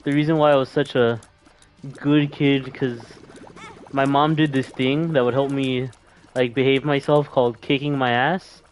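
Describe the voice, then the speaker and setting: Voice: medium pitch, fairly even intonation, moderate pace, soft background music. A person in casual chat who makes blunt remarks and laughs often.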